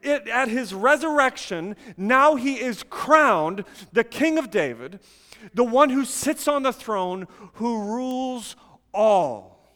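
A man preaching a sermon, emphatic at times and dropping to quiet intensity. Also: very high voice, lively intonation, takes it slowly, in a large hall.

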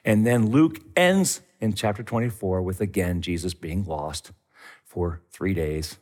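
A man's voice: deep voice, unhurried, a little mellow. A middle-aged man preaching a sermon as pastor, telling the story with animation and acting out the voices in it.

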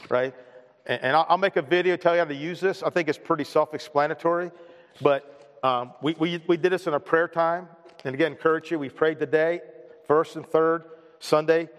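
A man preaching in a church sanctuary, his slightly higher voice carrying a long reverb from the hall. He talks in a loose, chatty way and restarts his phrases with repeated words. It sounds like a friendly sermon to a familiar congregation. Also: fairly bright tone. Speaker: pastor. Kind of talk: casual conversational sermon.

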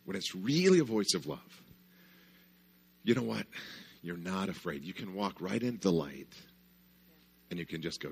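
A man's voice: deep voice, animated, moderate pace, gravelly, pauses often, slightly rough. A man giving a conversational parenting talk at a church conference, often checking in with "right?". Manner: conversational, lots of "right?" asides. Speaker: conference speaker.

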